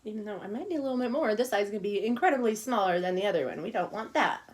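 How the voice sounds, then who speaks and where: This middle-aged woman runs an online class on decorating cupcakes, talking at a very fast clip in an expressive, mid-range voice. She keeps up a chatty flow, softly muttering to herself while she works.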